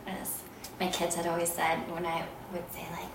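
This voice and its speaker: A woman sharing a personal story of faith in an unhurried, soft voice that often trails into a whisper. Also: lowish voice, completely flat delivery, creaky. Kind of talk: personal testimony talk. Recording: echoey room, voice from far off, background noise.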